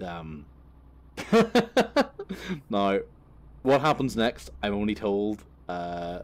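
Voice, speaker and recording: A man giving casual gameplay commentary while telling a long, profane, rambling story, often correcting himself and laughing. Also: low-pitched. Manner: profane, rambling anecdote teller; self-correcting, laughs through his story. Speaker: gaming video creator.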